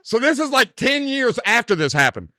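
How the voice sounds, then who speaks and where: A man's voice: extremely high pitch, very animated, normal speed, pushed and bright, dry recording, studio quality. A man, hosting a podcast and rambling through a story in casual chat, full of "dude" and "like.". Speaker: podcast host.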